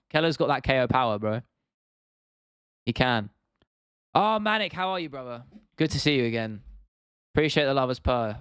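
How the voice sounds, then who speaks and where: A young British man in his twenties chats through a livestream, reacting to viewer comments. His voice is smooth and resonant at a middling pitch, and the sound is close and dry. He talks loosely, swears easily and calls people "bro". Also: a bit bright, dry recording. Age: 20s. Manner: laid-back, chatty, swears casually, says "bro". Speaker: livestream host. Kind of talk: casual livestream chat reading viewer comments.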